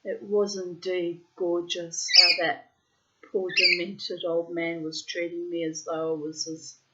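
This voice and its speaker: A woman's voice: fairly low pitch, little pitch movement, takes it slowly, very noisy. Frank, profane middle-aged woman, lo-fi. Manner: frank and profane, breaks into loud laughter. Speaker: diarist reading her journal aloud. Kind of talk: casual spoken monologue with diary readings. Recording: dull, lo-fi sound.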